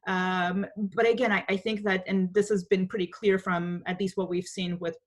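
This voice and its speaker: A woman giving measured, analytical panel remarks over a video call, hedging often with small fillers. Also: mid-range voice, level tone. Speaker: panel speaker.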